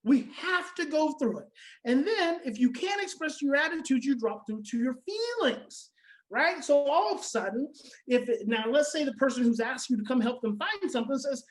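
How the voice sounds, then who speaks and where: A woman's voice: high-pitched, sing-song, moderate pace, poor audio. A woman giving a teaching talk on parenting adopted children, emphatic and repeating her key phrases, now and then acting out everyday reactions. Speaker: conference speaker on adoption parenting.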